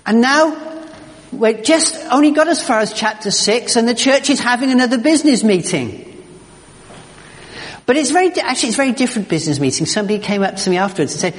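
A pastor delivers a sermon with emphatic, animated energy, tripping over and repeating words as he presses his point. His voice rings out with a long reverb trailing through the church. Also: extremely high pitch, fast.

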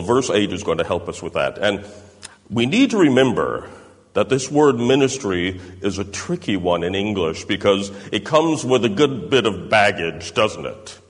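A man preaching a sermon, explaining step by step and checking in with tag questions like "doesn't it?". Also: medium pitch. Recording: reverberant hall.

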